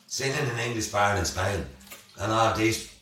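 A Dublin man in his forties, a podcast guest telling stories in a lively way and laughing often. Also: lowish voice, moderate pace. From Ireland. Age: 40s. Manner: animated, laughing, puts on voices. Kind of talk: casual storytelling. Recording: roomy, far from mic, with crowd noise.

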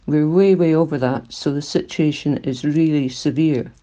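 An older woman with a Glaswegian accent speaks in a recorded interview. Her voice is mellow and dark, and she talks earnestly, with feeling that makes it shake now and then. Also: sits low, normal speed, highs cut off. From Scotland. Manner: earnest, emotional, voice shaking at times. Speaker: climate activist.

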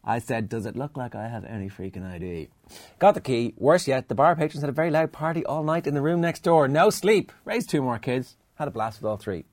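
A podcast host reading a listener's email aloud. He throws in dry asides between lines, in a middle-pitched voice. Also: fairly quick, a little mellow.

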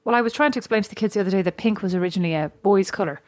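A woman's voice: mid-range voice, very fast, no room sound. A woman with an Irish accent co-hosting a chatty podcast, rambling and restarting her sentences and laughing often. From Ireland. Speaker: podcast co-host. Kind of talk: casual chat.

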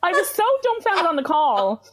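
A woman's voice: sits high, moderate pace, heavy background noise. A young woman telling a story in casual chat, acting out what others said. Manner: animated storytelling, acts out quoted voices.

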